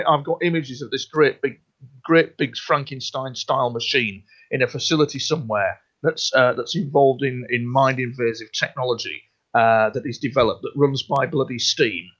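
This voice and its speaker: A man's voice: mid-range voice, a bit bright. A man, a radio interview guest, talking earnestly and rambling, often repeating himself and restarting his sentences. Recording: dull lo-fi sound.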